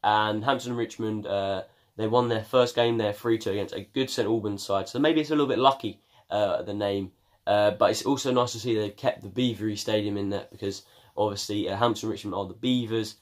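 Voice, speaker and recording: Young male vlogger from England, low voice, chatty unscripted news roundup with filler words. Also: steady tone, brisk. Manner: chatty, with many ums and uhs. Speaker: football vlogger. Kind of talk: casual video news roundup.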